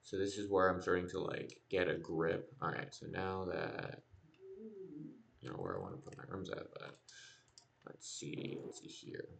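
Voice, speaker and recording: A man streaming a building game, rambling and thinking aloud as he plans, recorded from a distance over loud background noise. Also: deep voice, sing-song, moderate pace, creaky. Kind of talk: casual gameplay commentary.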